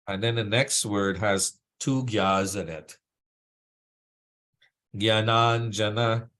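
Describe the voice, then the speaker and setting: A man's voice: lowish voice, a little slow, fairly bright tone. A man teaching a devotional class how to pronounce Sanskrit verses, patiently breaking words into syllables and often checking in with "right?".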